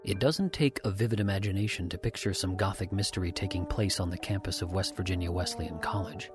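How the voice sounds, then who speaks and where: A man giving calm, scripted documentary narration. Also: sits low, brisk. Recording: faint music underneath.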